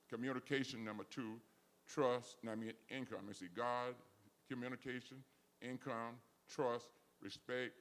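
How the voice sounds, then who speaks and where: A man's voice: medium pitch, fairly bright tone. An older man telling casual stories, rambling along with frequent restarts. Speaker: guest. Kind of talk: casual storytelling.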